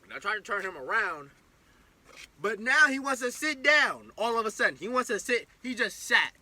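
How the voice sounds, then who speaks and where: A young man telling a storytime vlog in an excitable, slangy way, acting out the scene as he goes. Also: high voice, moderate pace. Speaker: vlogger. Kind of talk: animated storytime.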